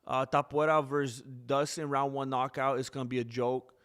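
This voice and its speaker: A man's voice: mid-range voice, little pitch movement, normal speed, fairly bright tone, clean tone. A man hosting a live stream in casual chat, rambling, reading viewer names aloud and correcting himself as he goes.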